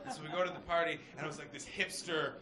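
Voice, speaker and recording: A man from Canada performing a stand-up comedy set on a club stage, loud and manic, shouting his punchlines. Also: on the high side, fairly even intonation, fast talker, background noise. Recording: echoey club with loud crowd laughter.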